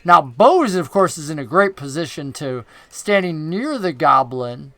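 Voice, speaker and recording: A man's voice: fairly high pitch, sing-song, measured pace, pushed and bright, no room sound. A man running a tabletop game as game master, narrating in a loose, conversational way with plenty of fillers.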